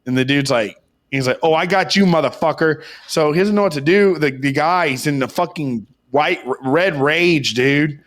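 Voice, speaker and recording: A young man with a slightly high, somewhat bright voice talks at normal speed on a podcast he co-hosts. His casual storytelling is long, rambling, and profane, and he insists the tale is true.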